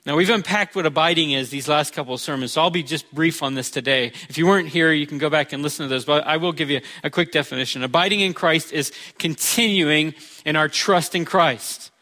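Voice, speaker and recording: Bright, high-voiced male preacher. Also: brisk. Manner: conversational preaching with humor. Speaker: pastor. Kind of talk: sermon.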